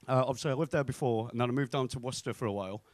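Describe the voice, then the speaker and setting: A man's voice: medium pitch, rapid-fire, no echo. Man doing dry stand-up. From North West England. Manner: deadpan punchlines, acts out quoted voices. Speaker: stand-up comedian. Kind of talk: stand-up comedy set. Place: comedy club stage.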